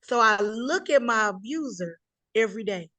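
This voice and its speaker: A woman's voice: on the high side, animated, moderate pace, bright, forceful tone, no echo. Middle-aged woman, interview guest, emphatic storyteller who acts out quotes, dry close sound. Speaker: guest telling her life story. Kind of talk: conversational interview.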